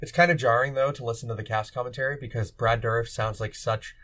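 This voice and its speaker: A man's voice: medium pitch, fast. A man hosting a podcast, chatting casually with his guests about a film. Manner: relaxed, thanks guests and signs off. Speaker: podcast host.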